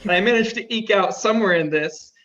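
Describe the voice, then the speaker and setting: A man's voice: high-pitched, a little fast, sharp tone, slight background noise. A young man telling stories as an interview guest in a chatty way, with lots of filler words. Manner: chatty, heavy use of "like" fillers. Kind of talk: casual storytelling. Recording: dull lo-fi sound.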